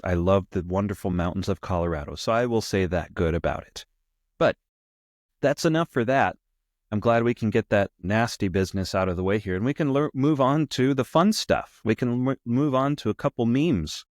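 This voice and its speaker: Priest co-host, male, very low voice, dry close sound, wry rambling commentary. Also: no echo. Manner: wry, mock-gracious, rambling with restarts. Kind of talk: casual commentary chat.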